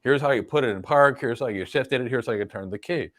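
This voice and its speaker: A man's voice: mid-range voice, fast, fairly bright tone. A middle-aged man with an American accent hosting a live Q&A and giving career advice in an emphatic way, full of rhetorical questions. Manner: emphatic, rhetorical questions, repeats key points. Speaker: cloud career coach and host.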